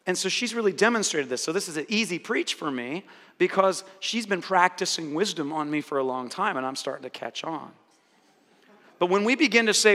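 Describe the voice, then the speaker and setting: Man, pastor, high bright voice, lively sermon, long church reverb. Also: fairly quick. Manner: animated preaching, acts out quoted voices.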